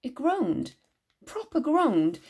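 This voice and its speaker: A woman voicing an excitable young traveller boy who talks eagerly and insistently in dialect. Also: high-pitched, takes it slowly, voice pushed up, heavily acted. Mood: excited.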